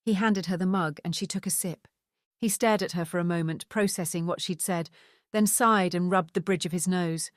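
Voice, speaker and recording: A woman reading an audiobook novel in a steady, even narration. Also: fairly low pitch, normal speed, no room sound, clean studio sound.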